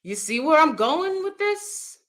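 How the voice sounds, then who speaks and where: A woman hosting her own channel, talking in a casual, animated way, often checking in with "right?" and jumping into high mocking voices. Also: a little slow. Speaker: commentary channel host. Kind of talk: casual opinion commentary.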